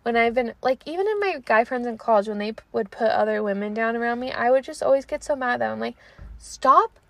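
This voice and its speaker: A young woman in her twenties hosts a podcast, chatting casually and animatedly with lots of "like" and unfinished thoughts. Her fairly high voice is fast and gravelly, and the recording is dry.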